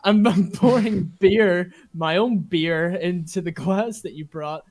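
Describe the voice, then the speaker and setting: A man's voice: high voice, slow, darkish tone. A man chatting as a player in a tabletop game, apologetic and laughing. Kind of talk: casual game table chat.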